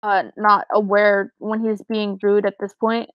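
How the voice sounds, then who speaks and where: A young woman co-hosting a podcast, chatting casually about an anime with relaxed slang. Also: mid-range voice, measured pace, clear, resonant tone, no room sound, muffled recording. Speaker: podcast co-host.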